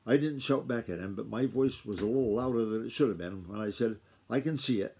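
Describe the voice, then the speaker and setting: A father reading a novel aloud to his child at home, steady and unhurried. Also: lowish voice, breathy edge.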